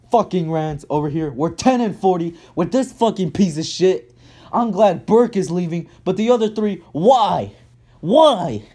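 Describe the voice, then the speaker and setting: A man's voice: high-pitched, mellow. A man ranting about his basketball team in an angry, heated way, swearing constantly and repeating himself. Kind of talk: angry sports rant.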